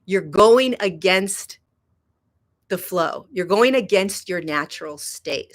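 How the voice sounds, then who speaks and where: Casting note: woman, livestream host, lowish voice, chatty and warm-hearted with viewers, drifts between hushed and excited. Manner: chatty, greets viewers by name, swings from soft to excited. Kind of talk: casual spiritual livestream talk. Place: indoors in Kenya.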